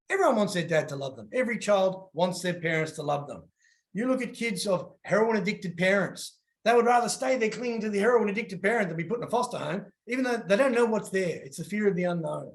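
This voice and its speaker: A man's voice: high-pitched, fast. A man giving casual coaching advice and acting out little voices as he tells stories. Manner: animated, acts out voices in his stories.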